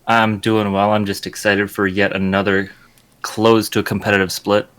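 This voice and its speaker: A man giving measured esports draft analysis. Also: on the low side, little pitch movement, fairly bright tone, clear, resonant tone.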